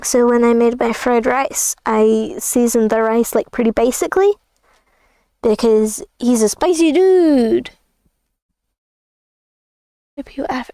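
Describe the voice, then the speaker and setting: A woman's voice: fairly high pitch, slow pace, pauses often, warm tone, clean tone, no room sound, clean studio sound. A woman, chatting casually on a livestream while drawing, rambling playfully with jokey asides. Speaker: streamer.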